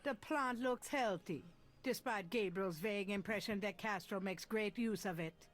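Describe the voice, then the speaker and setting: A woman giving calm, measured scripted narration of the scenes in a mystery adventure game. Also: medium pitch, faint music behind, natural voice.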